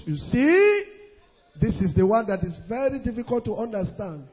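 A male preacher with a very high, husky voice. He preaches emphatically, draws out scripture quotes, and builds into shouts. The recording is dull and lo-fi, with a long hall reverb trailing each phrase. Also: very animated, normal speed. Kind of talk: sermon.

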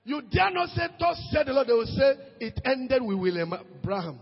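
A Nigerian man preaching a sermon as pastor, swinging between shouted peaks and low asides, slipping into Pidgin. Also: very animated, normal speed, creaky, breathy edge, big-room sound, lo-fi sound. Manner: preaches with sudden shouted rises and quiet drops, mixes in Pidgin.

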